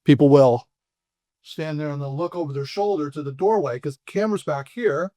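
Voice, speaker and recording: A middle-aged man talks fast in a podcast interview, with frequent restarts and self-corrections. His voice sits a little high for a man. The recording is dry and close. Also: warm tone, no echo. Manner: fast, rambling explanations full of restarts. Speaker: guest, former SWAT operator and FBI agent.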